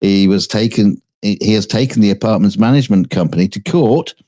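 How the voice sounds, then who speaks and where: A man's voice: on the low side, brisk, warm tone. A man co-hosting a casual comedic news show, reading odd stories and joking between them with frequent laughs. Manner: laughs often, joking asides.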